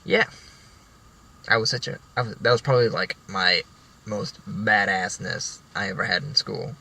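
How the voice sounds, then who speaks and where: Husky and gravelly, with a lowish, sharp-edged voice, a young vlogger talks at normal speed through meandering school stories. He keeps restarting sentences and drops the occasional swear word. The audio is poor.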